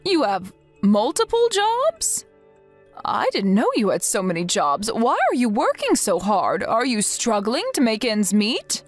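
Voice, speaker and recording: A woman's voice: medium pitch, huge pitch swings, moderate pace, hardly any pauses. A woman voicing a stern, protective older grandmother who reads out text messages in a firm, reproachful way. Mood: worried. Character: stern, protective grandmother scolding her son. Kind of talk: text-message story read aloud. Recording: soft music behind the voice.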